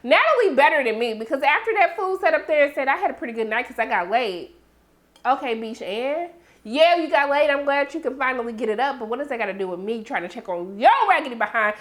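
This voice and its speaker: A woman giving a sassy, animated TV episode recap, yelling in bursts and acting out characters' lines, with a sore throat. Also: high-pitched, fast. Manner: sassy, loud outbursts, acts out characters. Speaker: TV recap reviewer.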